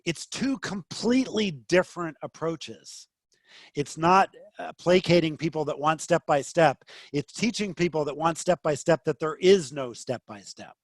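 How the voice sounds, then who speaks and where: A man runs an online trading class, firm and impatient with a student. His voice sits fairly high. It is recorded close, with no room sound. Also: animated, unhurried, no room sound. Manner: blunt, impatient, rising to frustrated. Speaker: trading instructor. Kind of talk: live online teaching session.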